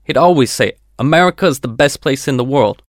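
A man's voice: mid-range voice, expressive, fairly quick, no echo, clean studio sound, close to an everyday voice. A man voicing a plain-spoken building maintenance worker who talks in a casual, conversational way. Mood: fond.

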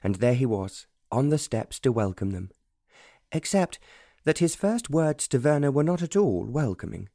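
A man narrating an audiobook in a measured, even storytelling style. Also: medium pitch, dry recording, studio quality. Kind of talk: scripted narration.

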